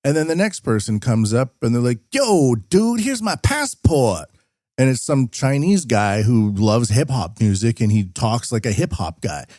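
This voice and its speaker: A man's voice: medium pitch, moderate pace, few pauses, warm tone, no echo, clean studio sound. A man hosting a solo podcast, rambling through opinions in a casual, opinionated way and mimicking the people he meets. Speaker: podcast host. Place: lives and works in Japan.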